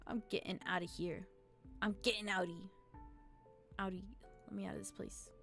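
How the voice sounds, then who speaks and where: A young adult woman streaming a game, chatting casually in an excitable, slangy way and quick to laugh and groan. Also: medium pitch, gravelly, faint music behind. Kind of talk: casual live-stream gameplay commentary.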